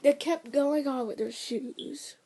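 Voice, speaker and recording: A woman's voice: high voice, slow, mellow. A woman casually retelling a cartoon episode, rambling and self-correcting, with chatty asides. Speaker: storyteller.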